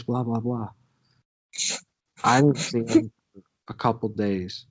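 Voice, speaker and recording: Man, podcast co-host, casual storytelling, lots of swearing, middle pitch, muffled audio. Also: unhurried, long pauses, slightly rough. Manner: crude, swearing, animated storyteller.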